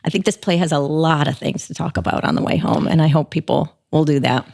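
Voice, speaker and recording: A woman's voice: low voice, quick pace, gravelly, a little mellow. A woman who directs theater, speaking as an interview guest in an earnest, reflective way.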